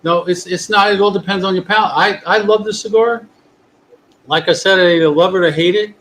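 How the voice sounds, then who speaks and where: A man's voice: high voice, steady tone, brisk, a bit bright, low-quality recording. A man hosting a casual talk show, rambling and jumping from topic to topic. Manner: rambling, jumps between topics. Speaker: podcast host. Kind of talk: casual chat.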